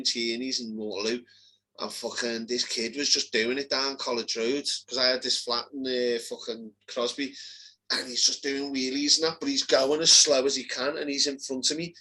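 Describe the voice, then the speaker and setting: A young man with a Liverpool accent, co-hosting a casual chat and telling sweary, animated stories. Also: medium pitch, rough recording. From Liverpool, England. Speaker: co-host.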